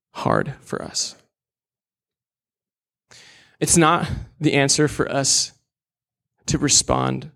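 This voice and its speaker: Young man preaching, gravelly voice. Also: medium pitch, fairly bright tone. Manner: earnest, candid, with casual asides. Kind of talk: sermon.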